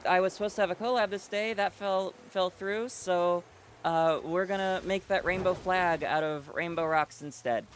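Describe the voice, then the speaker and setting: Male game streamer, casual live chat to viewers, slightly raised pitch, lots of ums and restarts. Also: normal speed, a little hiss or hum. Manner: chatty, reads chat aloud, many fillers and restarts.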